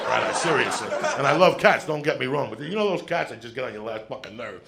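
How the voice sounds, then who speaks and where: A man telling a long stand-up story, swearing constantly and rambling in an animated way, recorded at a live comedy show. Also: medium pitch, a little fast, creaky. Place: comedy club stage. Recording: live show with crowd laughing. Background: audience laughter.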